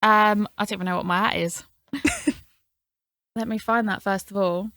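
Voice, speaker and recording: A woman's voice: mid-range voice, steady tone, measured pace, a bit bright, no room sound, clean studio sound. A woman, a podcast guest chatting casually and laughing often as she tells stories. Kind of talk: casual chat.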